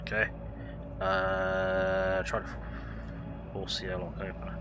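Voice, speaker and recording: A man's voice: deep voice, monotone, slow pace. A man hosting a let's play, reading game text aloud and commenting in a casual, sardonic way with frequent swearing. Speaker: gaming host. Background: game music.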